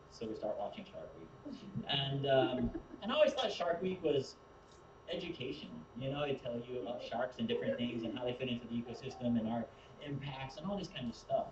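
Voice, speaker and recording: A man's voice: medium pitch, lo-fi sound, background noise. A man telling a rambling stand-up story who often laughs at his own jokes, recorded from a distance in an echoey room. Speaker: stand-up comedian. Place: comedy show venue.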